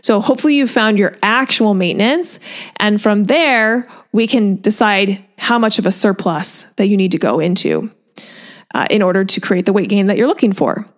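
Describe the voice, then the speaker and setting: A woman's voice: mid-range voice, normal speed. A woman nutrition coach talking in a casual podcast monologue, chatty and full of "like" fillers and light laughter.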